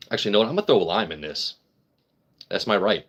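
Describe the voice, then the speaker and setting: A man's voice: lowish voice, a bit bright, breathy edge. A man hosting a casual livestream and chatting to his viewers while drinking, rambling, joking and swearing freely. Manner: rambling, talks straight to chat viewers. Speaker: livestream host.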